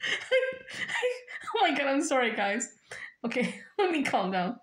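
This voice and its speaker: A woman's voice: high-pitched, big pitch swings, measured pace, a bit bright. A woman telling a funny story straight to her viewers, talking casually and breaking into laughter again and again. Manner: giggly, keeps breaking into laughter. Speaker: storyteller vlogger. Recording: echoey room.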